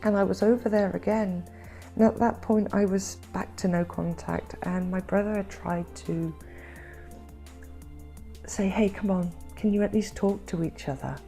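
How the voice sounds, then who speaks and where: A woman vlogger recounting her family estrangement in an emotional, halting way, repeating words when upset and close to tears at times. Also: medium pitch, fairly even intonation, creaky, warm tone, soft background music. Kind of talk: personal storytelling.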